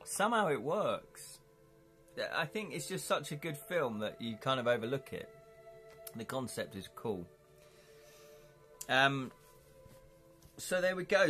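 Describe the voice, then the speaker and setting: A man from England hosts a livestream, rambling casually and laughing often as he reads out viewer comments. His voice sits at medium pitch with a sharp tone.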